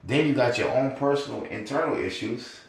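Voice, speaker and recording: Older male podcaster, lively swooping delivery, cussing and chuckling, echoey room. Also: mid-range voice, normal speed. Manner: animated, profane, laughing often. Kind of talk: casual podcast monologue. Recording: roomy echo.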